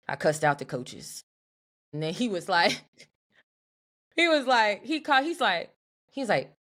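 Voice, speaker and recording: A young woman co-hosting a podcast, telling an animated, profane story in a casual chat. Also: low-pitched. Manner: animated, profane, talks to her co-host as "girl". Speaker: podcast co-host.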